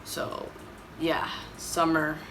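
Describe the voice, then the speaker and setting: A Texan woman vlogs in a casual, opinionated ramble, often stopping to restart her sentences. Her voice sits on the low side and sounds worn out. A faint ambient hum fills the room behind her. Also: monotone, drawn-out words. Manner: rambling, opinionated, self-correcting. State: tired. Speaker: YouTube vlogger. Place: indoor room, dim lighting.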